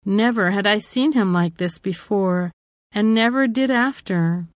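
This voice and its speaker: A woman narrating a memoir in a measured, reflective way. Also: mid-range voice, no echo, studio quality.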